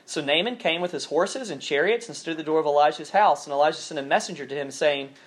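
A man's voice: on the high side, fast talker. Chatty Southern campus preacher, man. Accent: faded Southern US. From southern Alabama, US. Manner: chatty, self-deprecating, many fillers. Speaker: campus minister. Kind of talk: informal sermon with scripture reading.

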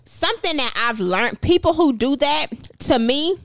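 A woman's voice: high-pitched, expressive, moderate pace, a bit bright, no echo. A woman co-hosting a casual talk show, speaking frankly and telling stories. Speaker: co-host. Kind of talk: casual podcast chat.

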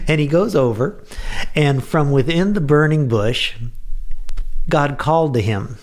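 A man's voice: medium pitch, expressive, measured pace. A man delivering a short devotional radio message, earnest and conversational, with bursts of enthusiasm. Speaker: pastor.

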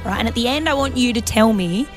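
A woman's voice: a little high, quick pace. Female radio co-host, playful teller of stories, faint music behind. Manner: playful, giggly teasing. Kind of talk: casual radio banter, storytelling.

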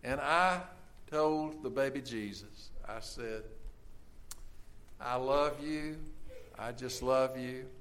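A man preaching, speaking as an innocent little boy in a story, soft, slow and sincere. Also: medium pitch, slight background noise, pitched below the performer's own voice. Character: innocent young boy pleading to baby Jesus.

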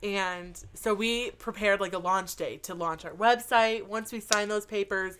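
A woman's voice: mid-range voice, measured pace, slight background noise. Earnest woman telling a story. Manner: earnest, animated storytelling with frequent "like". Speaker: guest telling her story. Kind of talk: casual chat.

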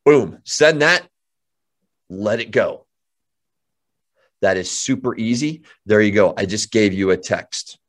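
A man coaching real estate agents in an energetic motivational talk, emphatic and often repeating himself. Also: on the low side, slow pace, pauses often.

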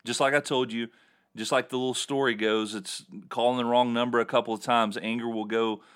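Brisk and clean-toned, this man speaks at a medium pitch with little rise or fall and a slightly bright edge. He hosts a Bible teaching program, reading passages and unpacking them earnestly and emphatically, repeating words as a preacher would.

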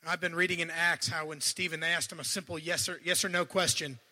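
Bright high-voiced preacher in echoing hall. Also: male voice, fast talker. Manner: animated, swings between loud bursts and quiet asides; admits to stuttering and restarting. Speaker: guest preacher. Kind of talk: sermon.

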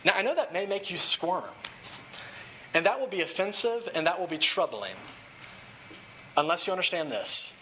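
A man's voice: a little high, pushed and bright, a little hiss or hum. A young man preaching a sermon, earnest and at times playful as he tells a story. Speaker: pastor.

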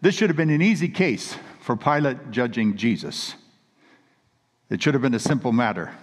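A man's voice: mid-range voice, lively intonation, normal speed. A man preaching a sermon with earnest, emphatic storytelling. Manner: earnest, emphatic storytelling with read scripture quotes. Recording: long reverb of a large hall.

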